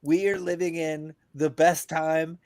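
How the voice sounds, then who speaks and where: Brief: male veteran call-in guest, slightly high voice, dry sound, ranting with crude jokes. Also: level tone, unhurried, darkish tone, no room sound. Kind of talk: casual podcast rant. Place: abroad, remote from the hosts.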